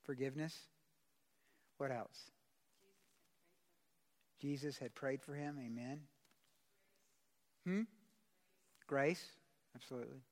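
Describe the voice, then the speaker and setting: A man's voice: medium pitch, fairly even intonation, slow, long pauses. A man pastor preaching a sermon in a church service. He talks casually, uses slang and puts questions to the congregation. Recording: long hall reverb.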